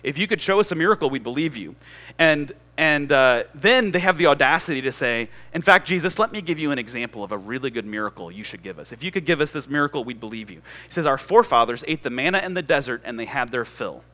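A man preaching a sermon, telling a story in a loose, conversational way and building to loud, emphatic passages. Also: mid-range voice, expressive, brisk.

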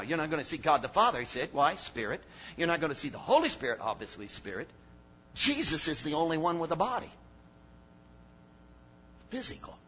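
An older man preaching a sermon, dropping to low asides and then rising to shouted emphasis. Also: breathy edge. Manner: animated, swings from low mutters to shouted emphasis. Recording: dull lo-fi sermon recording.

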